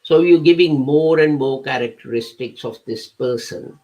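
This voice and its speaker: With a dark-toned, mid-range voice at a moderate pace, this man gives a patient, step-by-step explanation of scripture built on everyday examples. He is a religious lecturer who sometimes hesitates and corrects himself, and the audio sounds dull.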